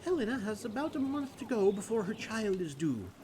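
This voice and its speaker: A bustling, kindly village woman from a video game, as a man puts her on, talking quick and fretful. The voice sits high, and it swoops up and down with worry. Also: very animated, a little mellow, slight background noise. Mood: fretful, earnest.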